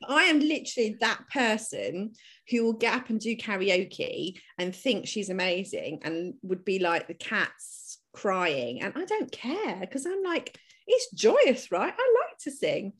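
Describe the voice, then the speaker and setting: A woman's voice: mid-range voice, very animated, unhurried. A woman in casual chat, giggly and exclamatory.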